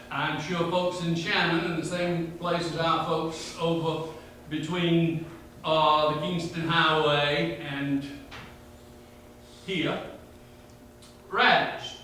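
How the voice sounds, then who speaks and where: A man's voice: fairly high pitch, pushed and bright, slight background noise. A man from north Georgia with a Southern accent, telling humorous family history stories to a local history group. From north Georgia, USA. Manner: humorous, rambling family storytelling. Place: meeting room. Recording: very echoey room, mic far off.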